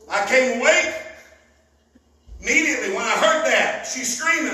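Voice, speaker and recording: A man preaching with a high, bright, ringing voice. He tells his stories fervently and breaks into loud emphasis, caught from a distance in a very echoey church hall. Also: moderate pace. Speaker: pastor. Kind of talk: sermon. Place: church sanctuary.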